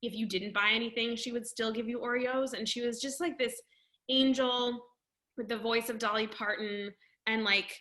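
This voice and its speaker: A woman's voice: fairly high pitch, fairly even intonation, moderate pace, bright, forceful tone. A young adult woman hosting a livestreamed show, introducing acts in a gushing, chatty way full of filler words. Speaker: festival host.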